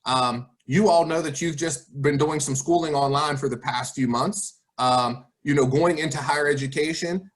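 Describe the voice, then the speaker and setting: A man with a somewhat high voice gives an online presentation to students, speaking over a video call. He encourages them with rhetorical questions as he walks through his advice. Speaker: college guest speaker.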